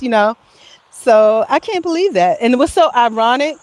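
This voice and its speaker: A chatty woman with a slightly high voice tells a long personal story straight to camera. She rambles in a casual way and laughs now and then. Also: animated, moderate pace, darkish tone. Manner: chatty, rambling, laughs often while telling. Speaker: vlogger.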